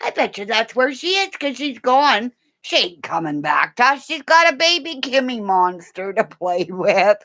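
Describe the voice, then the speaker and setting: Giggly, foul-mouthed woman with a bright voice. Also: fairly high pitch, big pitch swings, moderate pace, hardly any pauses. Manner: laughs constantly, swears freely, teasing and affectionate. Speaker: livestream host chatting with viewers. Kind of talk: casual rambling chat. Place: at home, in bed with her dog.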